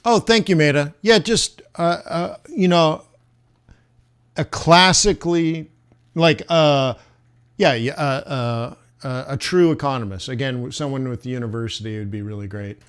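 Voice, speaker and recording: Brief: male livestream host, smooth and slightly high voice, rambling and self-mocking. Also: unhurried, fairly bright tone. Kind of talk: casual livestream chat.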